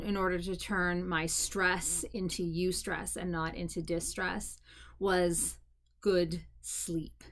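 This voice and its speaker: A woman talks straight to her viewers in a loose, chatty way, restarting sentences as she goes. Her voice sits at an ordinary middle pitch, and she turns upbeat and encouraging when she gives advice. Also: a bit bright. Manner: chatty, candid, many restarts and fillers; encouraging pep-talk tone. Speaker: mental health vlogger. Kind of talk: casual advice talk to camera.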